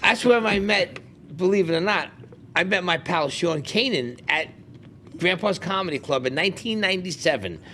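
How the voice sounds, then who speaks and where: Co-host, male, slightly high voice, chummy anecdote teller, faint background noise. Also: animated, normal speed, bright, forceful tone. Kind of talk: casual podcast chat.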